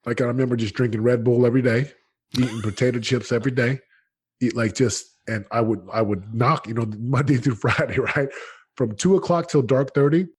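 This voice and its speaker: A man in his late thirties, a guest in an interview, telling his story in an energetic, emphatic way with lots of slang and restarts. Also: medium pitch, brisk, breathy edge. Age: late 30s.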